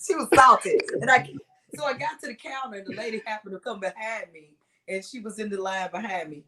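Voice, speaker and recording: A middle-aged woman, a singer as a guest, telling stories with lively acted-out quotes in a relaxed chat. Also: mid-range voice, fast talker. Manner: animated storyteller acting out voices. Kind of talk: casual interview storytelling.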